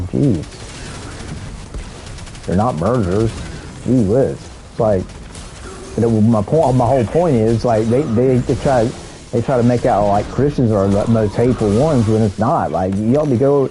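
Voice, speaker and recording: A military veteran streaming a video game, rambling and thinking aloud with lots of fillers in casual let's-play commentary. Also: male voice, mid-range voice, normal speed, mellow, slight background noise, rough recording.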